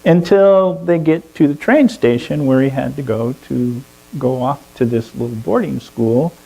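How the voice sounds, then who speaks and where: A man telling a long story to a fellowship gathering in an animated way, often chuckling. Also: medium pitch, measured pace, vocal fry, rough recording. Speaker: speaker at a fellowship service. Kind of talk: storytelling sermon.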